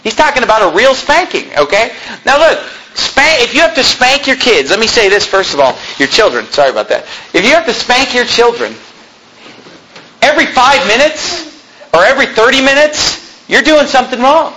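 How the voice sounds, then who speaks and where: A middle-aged man delivers an emphatic sermon in a high, bright, sharp voice. His pitch leaps around animatedly as he presses his points and turns to the congregation with quick asides. A faint hiss sits under the recording. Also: very animated, poor audio. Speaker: pastor.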